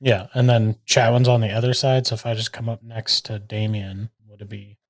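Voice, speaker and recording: A man's voice: lowish voice, little pitch movement, moderate pace. A man playing in a tabletop game, checking the rules and eager to attack. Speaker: player. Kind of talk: tabletop game play, casual chat.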